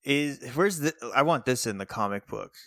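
A man's voice: mid-range voice, lively intonation, normal speed, creaky, a bit bright, no echo. A man co-hosting a casual podcast, laid-back and laughing along, tossing in dry jokey asides. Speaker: podcast co-host.

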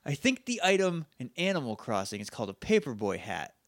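Lively, laughing young man co-host. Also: mid-range voice, fairly quick, no room sound, clean studio sound. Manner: laughs often, lively and chatty. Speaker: podcast co-host. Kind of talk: casual comedic recap chat.

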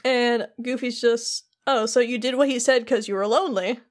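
A woman's voice: a little high, fairly even intonation, moderate pace. A woman co-hosting a casual podcast, retelling a game's story scene by scene and quoting the characters in her own voice. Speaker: podcast co-host.

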